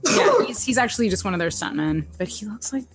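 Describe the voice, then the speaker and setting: Animated woman recapping a show, laughing. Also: fast, soft background music. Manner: animated, laughs often, jumps up in pitch for quoted lines. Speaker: podcast co-host recapping a TV episode. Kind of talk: casual chat.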